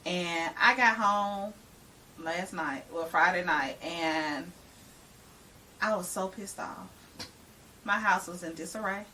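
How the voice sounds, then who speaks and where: A woman's voice: lowish voice, takes it slowly, long pauses, pushed and bright, recorded from a distance, slight background noise. A middle-aged woman, telling an exasperated story on a casual podcast, full of laughing asides. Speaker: podcast co-host.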